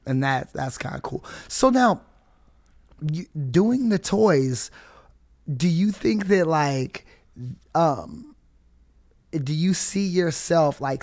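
A laid-back man hosting a podcast, his voice a little higher than average. He talks with easy streetwise slang and keeps encouraging his guest. His tone stays relaxed and conversational. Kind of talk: casual podcast chat.

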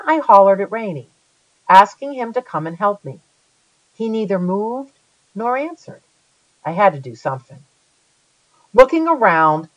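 Lively, dramatic audiobook reader. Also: medium pitch, no room sound, muffled recording. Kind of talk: first-person storybook narration.

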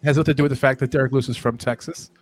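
A man hosting a casual chat, teasing his co-host and reacting with quick exclamations. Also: mid-range voice, fairly even intonation, slight background noise.

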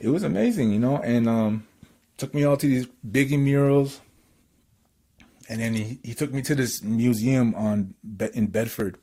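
A man from Canada telling a story in casual chat, excitable and rambling with lots of fillers. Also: mid-range voice, moderate pace.

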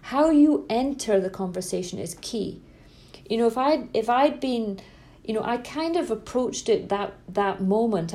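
Earnest middle-aged woman coach, mellow voice. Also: medium pitch, expressive, moderate pace. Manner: emphatic, repeats words for stress, tells anecdotes. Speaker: parenting coach. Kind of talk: earnest spoken talk to parents.

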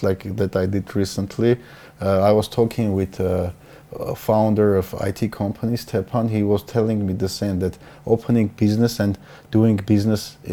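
Low, mellow-voiced podcast host man. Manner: hesitant, halting phrasing. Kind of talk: casual interview talk.

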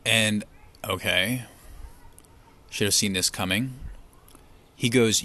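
Brief: male vlogger, lowish voice, casual chatty storyteller, eats between lines. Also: slow pace, pauses often. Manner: chatty, relaxed, acts out quoted people. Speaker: vlogger eating on camera.

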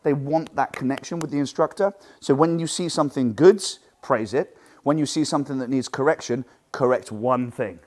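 Animated martial arts instructor man. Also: medium pitch, normal speed. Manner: animated, acts out what students and teachers say; loud projecting voice from the diaphragm. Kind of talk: teaching talk to fellow instructors.

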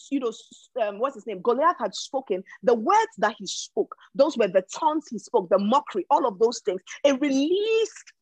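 A woman's voice: fairly high pitch, husky, dry recording. A woman preaching a sermon who repeats her phrases for emphasis. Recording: dull lo-fi recording.

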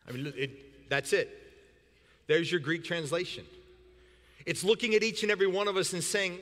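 A man preaching a sermon as pastor, animated, often repeating words and breaking into shouts for emphasis. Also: sits high, moderate pace, pauses often. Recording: long reverb in a hall.

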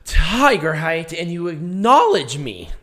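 A young man hosting a casual wrestling review podcast, hoarse from losing his voice, his voice squeaking and breaking as he rambles and laughs at himself. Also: sing-song, slow pace, fairly bright tone. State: hoarse, lost voice, voice cracking. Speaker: podcast host.

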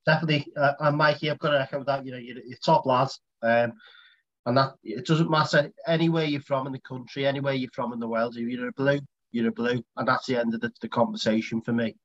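A man's voice: mid-range voice, steady tone, quick pace. A man, hosting a casual podcast chat with teasing, friendly banter. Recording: dull lo-fi sound.

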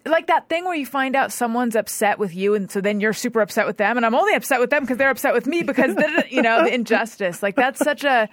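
A woman's voice: a little high, animated, fairly bright tone, no room sound. A woman hosting a podcast, chatting engagedly with her guest and reflecting on her own feelings. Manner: engaged, reflective, quick to agree. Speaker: podcast host. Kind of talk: casual interview chat. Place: podcast studio.

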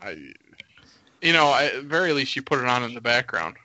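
A hoarse man co-hosting a casual podcast, joking and needling the others. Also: mid-range voice, animated, a little fast, pushed and bright, lo-fi sound. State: hoarse from yelling. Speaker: podcast co-host. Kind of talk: casual chat.

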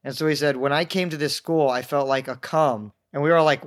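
A man's voice: a little high, fairly even intonation, a little fast. A young man telling rambling, self-mocking stories in a casual chat, acting out the voices of people he quotes. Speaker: podcast guest telling stories.

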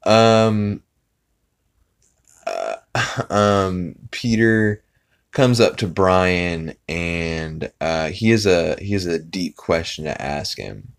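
A man's voice: low voice, lively intonation, very slow, creaky, smooth. A man hosting a podcast, casually retelling a cartoon episode in a rambling way, with lots of fillers and laughing along. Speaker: podcast host.

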